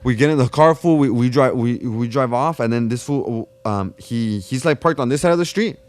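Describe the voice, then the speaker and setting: A man's voice: medium pitch, moderate pace, a little mellow. A young man, a podcast guest telling a street story in casual, slangy, profane talk full of "fool" and restarts.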